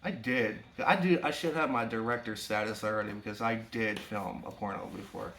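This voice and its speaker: A man's voice: on the low side, brisk, fairly bright tone, slight background noise. A man hosting a podcast, telling stories in loose, profane, slangy casual chat.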